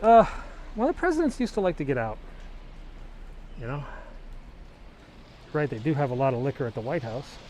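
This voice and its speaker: Rambling and anecdotal, a middle-aged man narrates a casual walking tour of a snowy city street, vlogging on a handheld camera. His medium-pitched, slightly mellow voice is sing-song at normal speed with long pauses, captured in low-quality audio with a bit of hiss or hum.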